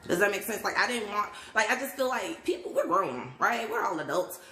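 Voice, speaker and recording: A woman's voice: mid-range voice, lively intonation, brisk, pushed and bright. Woman live-streaming from her phone, chatty and laughing, echoey room. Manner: chatty, laughs often, greets viewers. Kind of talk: casual livestream chat. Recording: roomy echo.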